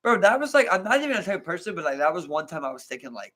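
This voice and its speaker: Animated slangy man with a Baltimore accent. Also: sits high, very fast. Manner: animated storyteller, slangy, acts out quotes. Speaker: podcast co-host. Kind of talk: casual chat.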